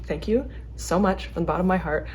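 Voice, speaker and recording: A young adult woman chatting casually to camera as a book vlogger, talking fast and chattily with many fillers and restarts. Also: lowish voice, a little mellow, slight background noise.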